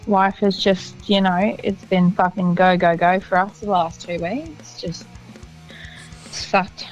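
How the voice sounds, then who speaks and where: A woman's voice: lowish voice, slow pace, dull audio, faint music behind. A woman and mother co-hosting a podcast, teasing and crude in casual chat. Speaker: podcast co-host.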